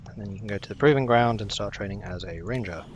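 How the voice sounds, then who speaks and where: A man's voice: on the low side, fast, slight background noise. A young man casually commenting as he plays a game, chatting with his viewers. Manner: chatty, talks to himself and to chat while playing. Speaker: game streamer.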